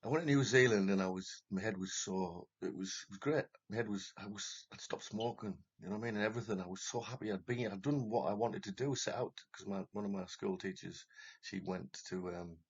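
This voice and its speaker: A man's voice: on the low side, fairly quick, slightly rough. A man telling his own story in an unscripted monologue, rambling and agitated, with heavy swearing and many restarts. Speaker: former talent show contestant telling his story. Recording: lo-fi, dull recording.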